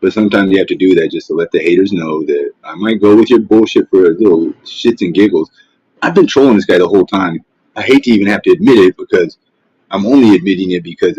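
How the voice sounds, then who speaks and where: A man's voice: low voice, darkish tone, slightly rough, no room sound. A man hosting a casual livestream, trash-talking and mocking in a profane, rambling rant. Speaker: livestream host. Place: at home, face not shown. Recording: dull, dry lo-fi stream audio.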